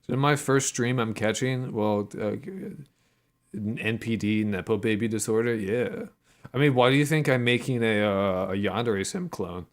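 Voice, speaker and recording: A man's voice: on the low side, moderate pace. A man streaming his game development and chatting casually with his viewers, reading their messages aloud and answering with profane, joking banter. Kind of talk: casual livestream chat.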